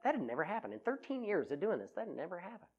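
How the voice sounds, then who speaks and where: A middle-aged man gives a humorous talk on personality types to an audience, telling animated, self-mocking stories. His voice sits high and sounds husky, he speaks rapid-fire, and the recording is muffled.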